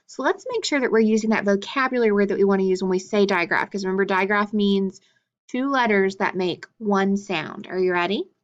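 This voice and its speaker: A woman teacher leading an early-grade phonics lesson, speaking slowly and deliberately, praising each answer. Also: mid-range voice, creaky, muffled recording. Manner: slow, deliberate, encouraging.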